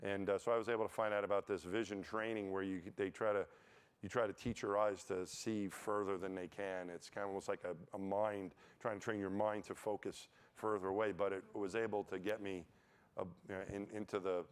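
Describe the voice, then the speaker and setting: A man on a conference panel telling casual, animated stories and acting out what others said to him. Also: on the low side, brisk, clear, resonant tone. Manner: animated anecdotes, acts out quoted voices. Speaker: panel speaker, former astronaut. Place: conference stage.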